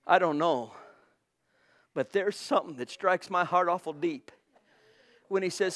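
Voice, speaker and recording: A man preaching a fervent sermon, swinging between hushed tones and shouting, addressing listeners as brothers and sisters. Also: high voice, takes it slowly, long pauses.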